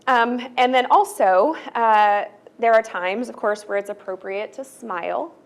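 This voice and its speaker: A woman's voice: on the high side, unhurried. A woman presenting a training workshop to college staff, speaking in a loose, conversational way and often checking in with "right?". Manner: loose, filler-heavy delivery with restarts.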